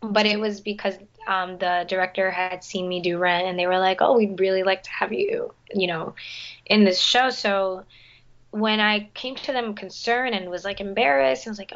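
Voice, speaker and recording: A woman's voice: medium pitch, moderate pace, fairly bright tone, lo-fi sound. A young woman chatting casually about her theater career, with lots of fillers and restarts. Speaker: guest, musical theater performer. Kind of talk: casual chat.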